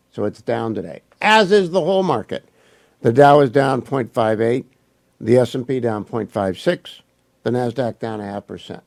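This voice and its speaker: Older male radio host, hoarse, brisk and emphatic live ad reads, mid pitch. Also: darkish tone. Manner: brisk, emphatic, repeats phone numbers. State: losing his voice. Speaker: radio talk show host. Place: radio studio.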